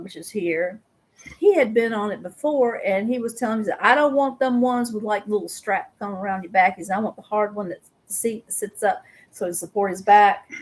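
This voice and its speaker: A middle-aged woman, hosting a casual live chat and telling a story with lively acted-out voices. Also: mid-range voice. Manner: animated storyteller who acts out voices. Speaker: host.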